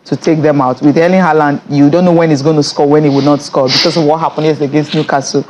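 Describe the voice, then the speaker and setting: A Nigerian pundit on a studio sports panel, running through football analysis at a brisk clip. A faint hum of room ambience sits behind the voice. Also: medium pitch, fairly even intonation, darkish tone.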